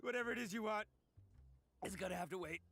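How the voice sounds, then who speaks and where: An actor playing a blustering young male gang boss who stammers and brags, soft-hearted under the bravado. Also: high-pitched, quick pace. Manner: stammering, boastful, hesitant.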